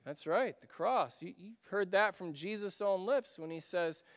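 High-voiced man preaching in a reverberant hall. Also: a little slow. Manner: conversational preaching with rhetorical questions, swinging from loud to quiet. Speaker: pastor. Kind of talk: sermon.

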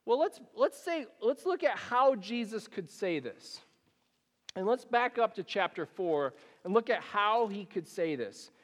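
Male pastor, high voice, emphatic sermon with pauses and repetition, hall reverb. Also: very animated, fairly bright tone.

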